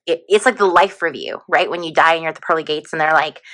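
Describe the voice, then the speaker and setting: A woman's voice: deep voice, a little fast, hardly any pauses, bright, forceful tone. A woman giving a casual, chatty tarot reading on video, full of fillers and prone to giggling. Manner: chatty, giggly, lots of fillers like "like" and "you know". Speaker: tarot reader.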